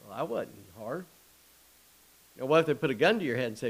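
Man, middle-aged, pastor, folksy sermon, storytelling, mid-pitched voice. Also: big pitch swings, vocal fry, slightly rough, rough recording. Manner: folksy storytelling, quick asides, chuckles.

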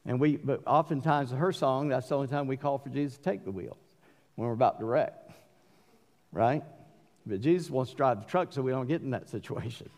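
A middle-aged man with a Southern accent preaching a sermon, mixing forceful emphatic bursts with folksy asides. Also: medium pitch, a little fast. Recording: long hall reverb.

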